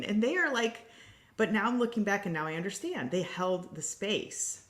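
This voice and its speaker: A woman co-hosting a casual online chat. Her voice sits a little low and carries a roomy echo. She tells her stories with lively energy and laughs often. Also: moderate pace. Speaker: co-host, healing coach. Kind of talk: casual livestream conversation.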